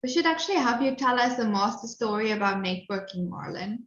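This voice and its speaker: A woman's voice: a little high, expressive, brisk. A woman hosting an online networking show, enthusiastic and effusive in a casual chat. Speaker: show host. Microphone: video call. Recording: echoey room, dull lo-fi sound.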